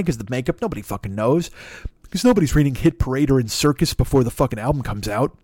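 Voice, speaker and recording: A man's voice: medium pitch, lively intonation, fast talker, darkish tone, dry recording, clean studio sound. A man riffing through a profane, rambling comedic monologue, acting out voices with laughs. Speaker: podcast host.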